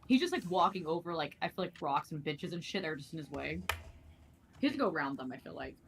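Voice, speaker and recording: A woman playing in a tabletop game who narrates in a relaxed, offhand way and swears casually. Her voice sits on the low side. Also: fast, noisy background. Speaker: player. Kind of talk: tabletop role-play.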